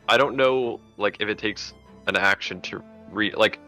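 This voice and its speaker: A man playing in a tabletop game, joking, swearing and excitable. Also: lowish voice, normal speed, faint music behind. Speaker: player. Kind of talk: casual tabletop play.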